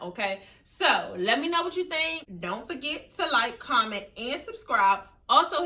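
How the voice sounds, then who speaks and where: A woman vlogger chatting casually while eating, relaxed and laughing often, recorded outdoors. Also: medium pitch. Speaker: mukbang vlogger. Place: outdoors, windy.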